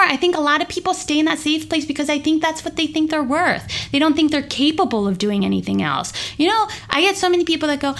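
A woman yoga teacher talking with passion and emphasis in a podcast interview, often jumping up in pitch. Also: quick pace, hardly any pauses. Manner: passionate, emphatic, swings high and animated.

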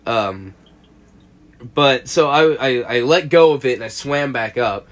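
A man's voice: mid-range voice, expressive, unhurried. Young guy rambling through a story on a podcast, laughs a lot, swears casually, regular mid voice. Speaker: podcast co-host.

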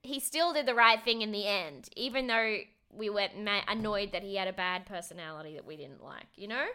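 A woman's voice: medium pitch, brisk, pushed and bright, clean tone. A woman, co-hosting a casual podcast chat, swearing freely and acting out quotes. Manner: chatty, swears freely, acts out quotes with laughs. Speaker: podcast co-host.

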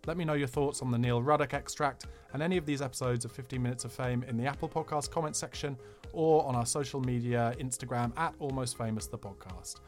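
A man's voice: mid-range voice, fast talker, soft background music. Cheeky man reading a memoir. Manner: dry, cheeky storytelling. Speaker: podcast narrator.

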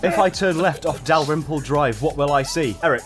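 A Welsh man with a deadpan, sarcastic manner, hosting a comedy quiz podcast in casual chat. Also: fairly high pitch, fairly quick, soft background music. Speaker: podcast host running a quiz.

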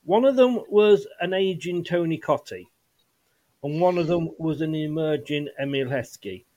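A man's voice: on the high side, moderate pace, a little mellow, dull audio. A man co-hosting a football podcast, chatting casually with lots of restarts and fillers. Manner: rambling with frequent restarts and fillers. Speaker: podcast co-host.

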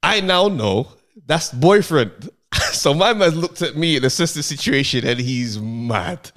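A man co-hosting a podcast, telling a story in an animated, laughing, slang-heavy way. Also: on the high side, measured pace. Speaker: podcast co-host. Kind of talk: casual storytelling chat.

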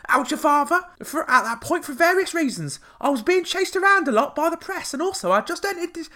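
A man voicing a female pop singer in an exaggerated Cockney impression, high and mocking. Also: big pitch swings, a little fast, sharp tone, exaggerated voice.

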